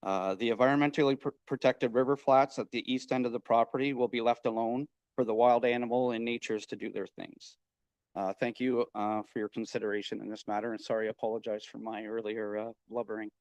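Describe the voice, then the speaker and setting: A man, a farmer speaking as an applicant before a town council, halting and emotional with many fillers. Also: medium pitch, fairly even intonation, darkish tone, no echo. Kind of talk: public comment at a council meeting.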